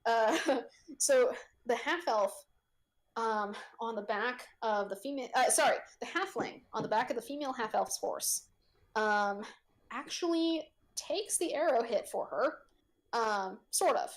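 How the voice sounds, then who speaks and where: A woman's voice: a little high, a little slow. A young woman running a tabletop game as game master, narrating with lots of giggles and fillers.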